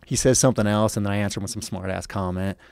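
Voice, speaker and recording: An American man, a guest and professional fighter, telling a profane, animated story in casual chat and acting out the people in it. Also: fairly low pitch, fast talker, gravelly, clean tone, no room sound. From United States.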